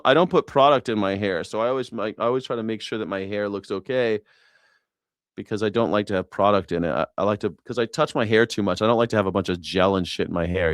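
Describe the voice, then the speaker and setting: A man's voice: fairly low pitch, clear, resonant tone, no echo, studio quality. A man hosting a news reaction show, talking in a casual, profane and sarcastic rant. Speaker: host.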